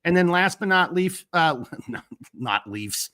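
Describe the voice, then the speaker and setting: A man with a bright, forceful voice that sits a little high for a man hosts a live stream. He talks casually and rambles, leaning on fillers as he reads out shout-outs from the chat. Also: lively intonation, unhurried. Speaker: host of a live stream talk show.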